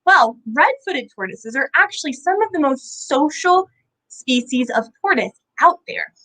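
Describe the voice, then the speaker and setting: A young woman hosting a live kids' lesson with animals, bubbly and full of questions for viewers, her voice a little hoarse. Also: sits high, animated, a little slow, bright, forceful tone, low-quality recording. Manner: bubbly, asks viewers questions, sing-song sound effects. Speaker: children's animal educator.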